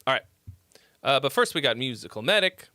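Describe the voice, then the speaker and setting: A man's voice: medium pitch, big pitch swings, brisk, bright, forceful tone, no room sound, studio quality. A man from Massachusetts hosting a livestream, giving song feedback in a rambling, chatty way and laughing easily. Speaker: host reviewing listener songs. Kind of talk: casual livestream commentary.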